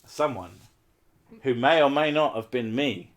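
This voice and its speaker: A man's voice: medium pitch, lively intonation, unhurried. A man hosting a live stream, chatting casually and rambling through self-mocking asides.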